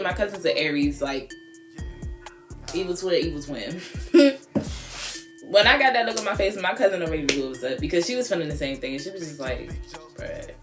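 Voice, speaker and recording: A woman beauty vlogger telling a casual storytime in a sassy, animated way, stretching out words. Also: deep voice. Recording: echoey room with music behind.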